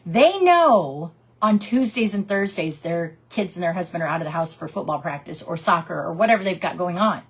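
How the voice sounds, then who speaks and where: A woman who works as a direct sales consultant, giving her team casual coaching and acting out customer conversations in lively quick put-on voices. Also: mid-range voice, husky. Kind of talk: casual training talk with storytelling.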